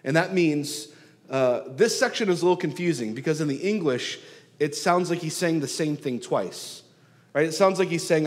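A man preaching a sermon, rising loud on key phrases and dropping soft and slow to draw them out. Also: fairly high pitch, expressive. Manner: swells and drops in loudness for emphasis, slows on key words. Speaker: pastor. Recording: long hall reverb.

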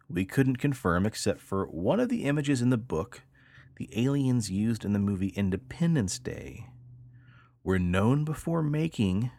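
A man hosting a podcast, telling a story in an animated way with casual chat. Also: dry recording. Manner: animated storyteller, rises in pitch on key points. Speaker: podcast host.

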